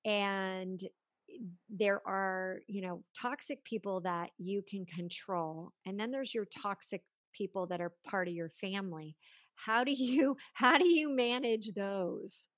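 A woman hosts a podcast in a dry, close-miked sound, her pitch sitting mid-range. She chats casually and keeps her guest going with laughs and quick affirmations. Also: no echo. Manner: warm encouraging interviewer, quick laughs and affirmations. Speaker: podcast host. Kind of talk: casual interview chat.

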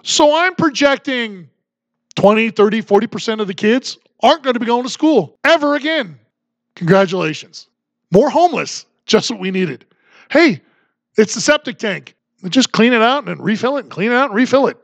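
A man's voice: very high voice, animated, normal speed, no echo. A man hosting a political commentary podcast, talking in an emphatic, combative and sarcastic manner. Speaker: podcast host.

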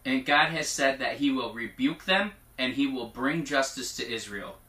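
A man preaching informally, reading scripture aloud in a chatty way, often laughing and at times turning hushed and emotional. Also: medium pitch, moderate pace. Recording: echoey room, mic at a distance.

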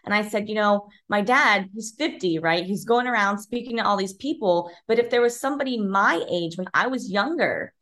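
A woman's voice: medium pitch, normal speed, few pauses. A young woman, a podcast guest, telling a personal story and acting out other people's lines as she goes. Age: young adult. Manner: animated, acts out other people's voices in her stories.

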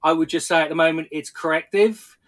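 A man giving technical market analysis on a podcast, explaining in a measured way with occasional stumbles and restarts. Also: on the high side, fairly even intonation.

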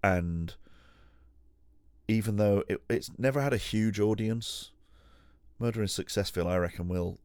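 Speaking from home, this podcast host tells a long, loose story in a deep, low voice that is darkish, clear, and resonant. He moves at a measured pace with frequent pauses, swearing, laughing, cutting himself off to restart, and mocking himself. The close, dry recording carries no echo.

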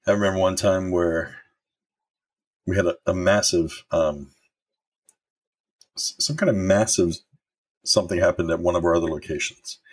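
A man's voice: low-pitched, steady tone, moderate pace, long pauses. A middle-aged man and former manager giving a candid motivational talk on leadership, telling stories and swearing now and then. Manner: candid and storytelling, with occasional swearing.

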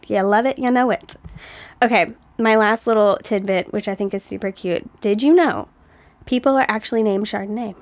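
A woman's voice: medium pitch, normal speed, no echo. A woman co-hosting a casual chat, telling stories in a chatty way and laughing often. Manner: giggly, chatty storyteller. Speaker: co-host.

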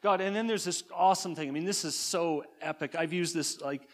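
A man's voice: on the high side, a little fast. A middle-aged man from Alberta preaching a sermon in an earnest, fervent way, often restarting and repeating words. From Alberta, Canada. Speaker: guest preacher.

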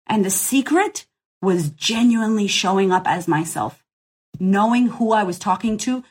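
A woman's voice: medium pitch, slightly rough. A woman business coach answering questions in a casual live Q&A, blunt, profane and emphatic, rallying the listener directly.

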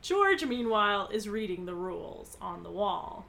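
A woman co-hosting a casual podcast, retelling a book's story and acting out its quoted lines with lively emphasis. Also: medium pitch, unhurried, creaky, slight background noise. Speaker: podcast co-host. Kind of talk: casual book recap with commentary.

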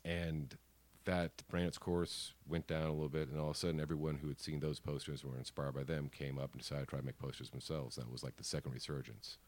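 A man in his forties, a guest artist in a studio, telling animated stories with casual swearing and acted-out quotes. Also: rumbling low, quick pace, few pauses. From American. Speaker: guest, poster artist and co-founder. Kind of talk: casual storytelling interview.

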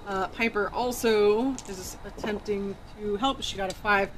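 A woman narrates as game master of a tabletop role-playing game. She speaks hesitantly, with many fillers and restarts, at a middling pitch. A faint hiss sits in the background. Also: steady tone, measured pace.

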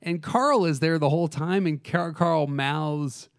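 A man hosting a casual film talk show, animated, acting out scenes as he retells them. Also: on the high side, unhurried, dry recording, clean studio sound. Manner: animated, acts out scenes with voices. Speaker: podcast host.

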